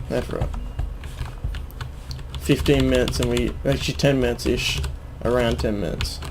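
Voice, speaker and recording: A man's voice: medium pitch, fairly even intonation, moderate pace, noisy background. An Australian man giving casual gameplay commentary, swearing a lot, laughing often and muttering under his breath. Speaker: gamer host.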